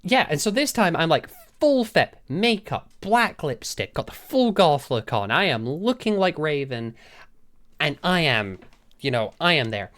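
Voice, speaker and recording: A woman's voice: low-pitched, a little slow. A woman streamer telling a story to her chat in a casual, sweary way, laughing often. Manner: animated, sweary, frequent laughs.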